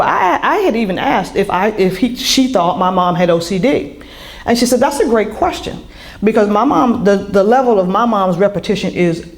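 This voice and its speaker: A woman's voice: medium pitch, a little mellow. A middle-aged woman, an author, giving a candid personal talk to an audience, full of restarts and fillers. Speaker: author and speaker.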